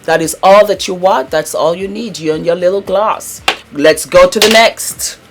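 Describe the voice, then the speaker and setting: A woman with a lowish voice hosts a beauty vlog at a normal speed, with some background noise audible. She's casual, effusive and chatty, often calling her viewers "darling" and bursting into laughter.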